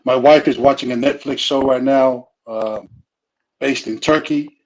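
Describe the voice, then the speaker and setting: A man's voice: medium pitch, fairly even intonation, a little slow, poor audio. Rambling man with lots of "you know"s. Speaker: guest speaker on family. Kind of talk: casual conversational talk.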